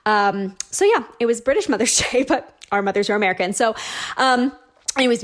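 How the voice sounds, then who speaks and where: A woman in her thirties telling a personal story in a casual, chatty way, with many fillers and quoted asides. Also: on the high side. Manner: chatty, animated, lots of likes and ums.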